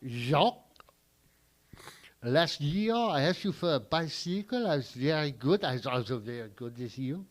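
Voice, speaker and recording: Man doing a put-on French accent, aggrieved Frenchman, deadpan, profane, unhurried, highish voice. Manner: indignant, deadpan storytelling with profane punchlines. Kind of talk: standup character bit.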